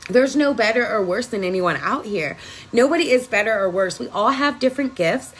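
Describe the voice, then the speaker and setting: Woman life coach, high-ish voice, emphatic and foul-mouthed, phone live-stream feel. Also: expressive, brisk, slightly rough, poor audio. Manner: emphatic, profane, preachy. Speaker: energy worker and spiritual coach. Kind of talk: casual live-stream spiritual pep talk. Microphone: phone on a live video.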